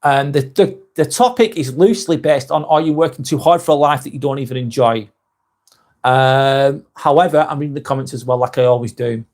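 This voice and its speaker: A man hosting a live vlog, chatting casually and reading viewers' comments aloud, with frequent "um"s and quick apologies. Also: medium pitch, a little mellow. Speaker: live-stream host.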